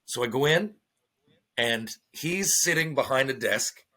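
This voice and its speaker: A middle-aged man, a former hockey player, telling stories as a podcast guest in a lively, profane way, acting out what others said. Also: mid-range voice, a little slow. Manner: animated storyteller, swears freely, acts out quotes. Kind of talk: casual storytelling interview.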